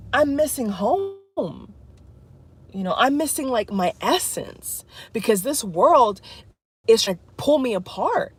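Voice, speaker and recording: A woman talking to her viewers in an emotional spiritual vlog, distraught and tearful, halting and repeating herself. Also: on the high side, breathy edge. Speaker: vlogger.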